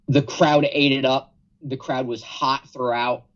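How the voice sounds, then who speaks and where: A man chatting casually on a wrestling podcast, excitable, swearing freely and laughing often. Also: mid-range voice, unhurried, highs cut off. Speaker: podcast co-host. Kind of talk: casual wrestling review chat.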